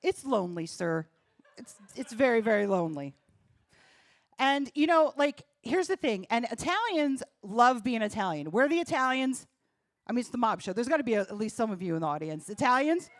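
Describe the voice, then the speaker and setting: A woman's voice: on the high side, big pitch swings, normal speed, dry recording. A woman from New doing stand-up comedy on a comedy club stage, punchy and self-deprecating, talking straight to the crowd. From New Jersey.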